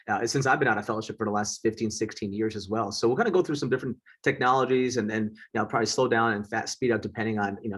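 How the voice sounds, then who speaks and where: A husky-voiced man in his forties talks quickly, giving a casual lecture over a video call. He is a surgeon from Wisconsin who jokes about himself as he goes. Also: lowish voice. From United States (Southeast Wisconsin). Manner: fast, chatty, self-joking.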